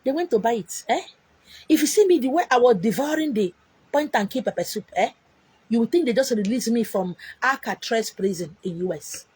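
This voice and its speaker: A young Nigerian woman tells a funny story about her own life, exclaiming often and slipping pidgin into her English. Her voice sits a little high and has a husky edge. The recording is dry and close, with no room sound. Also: a little mellow, no echo. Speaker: vlogger. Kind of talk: comic personal storytelling.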